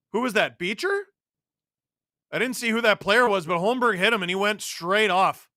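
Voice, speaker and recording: A male host watching a hockey game live, calling the plays, reacting loudly and reading out chat messages. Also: high voice, lively intonation, moderate pace, dry recording, clean studio sound. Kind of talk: live watch-along commentary and chat replies.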